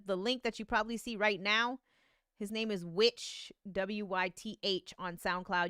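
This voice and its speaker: A woman hosting a live music review stream, talking casually with excitement, swearing and laughing often. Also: mid-range voice, clean tone, no echo, clean studio sound.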